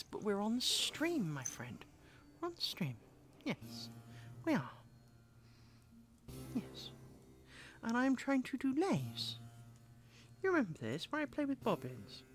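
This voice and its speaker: A woman's voice: lowish voice, a bit bright. A woman chatting casually on a live stream from her home, cooing at her dog near her desk microphone. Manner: coos and chats to her dog between remarks.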